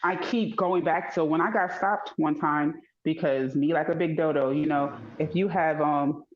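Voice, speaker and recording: Woman chatting casually, animated storyteller, echoey room, dull lo-fi sound. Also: normal speed. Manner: animated storytelling, acts out dialogue in high voice. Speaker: podcast co-host. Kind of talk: casual chat.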